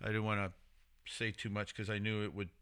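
A man's voice: lowish voice, flat delivery, fairly quick, fairly bright tone, clear, resonant tone. A man hosting a casual podcast conversation, talking as a coach in a rambling way with many restarts.

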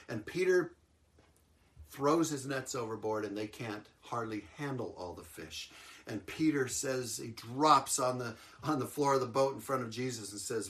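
A man delivering a sermon with animated storytelling. He is mid-pitched and chuckles often between lines. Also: measured pace. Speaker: preacher.

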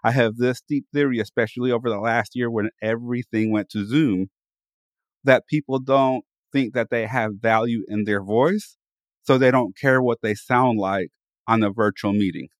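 A man co-hosting a podcast in casual chat, animated, often repeating phrases to pump himself up. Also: medium pitch, normal speed, dry recording, studio quality. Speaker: podcast co-host. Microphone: studio microphone.

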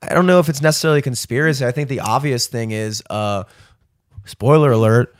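A man's voice: mid-range voice, fast talker, no echo, studio quality. A man ranting with a lot of swearing and emphasis as a guest in a casual podcast chat.

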